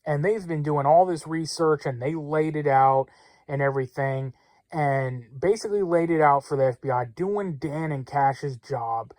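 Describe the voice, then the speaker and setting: A man's voice: on the high side, moderate pace, a little mellow, no echo. A man hosting a political commentary show, talking through the news in a casual, rambling way with blunt opinions, many fillers and restarts, and a close, dry sound.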